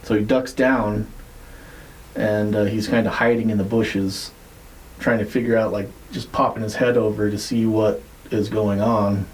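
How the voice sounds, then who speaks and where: A man on a podcast telling a story in a casual, rambling way, swearing freely and filling pauses with "like" and "uh". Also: fairly low pitch, steady tone, low-quality recording. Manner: rambling, profane, many fillers. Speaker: podcast co-host.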